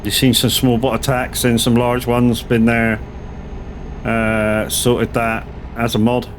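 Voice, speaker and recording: Speaking slowly in a medium-pitched voice, a West Country man from Southwest England hosts a relaxed game stream, reading the chat out loud and replying to viewers. Slight background noise can be heard.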